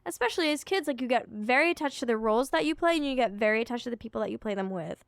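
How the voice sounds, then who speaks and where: A woman's voice: on the high side, lively intonation, very fast, vocal fry, dry recording, studio quality. A young woman co-hosting a podcast, chatting and reflecting, often laughing. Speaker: podcast co-host. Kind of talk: casual chat.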